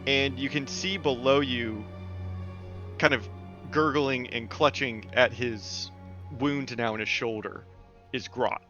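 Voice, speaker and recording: A man's voice: mid-range voice, fairly even intonation, slow. A man narrating as game master of a tabletop game, with loose, filler-filled description. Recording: dull lo-fi voice call with faint music.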